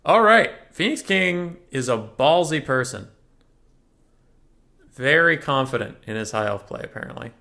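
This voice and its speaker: Young guy casually casting a strategy game match, chatty, jokey, mid pitch. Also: animated, unhurried, creaky, sharp tone. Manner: chatty, joking, thinks aloud. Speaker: tournament caster.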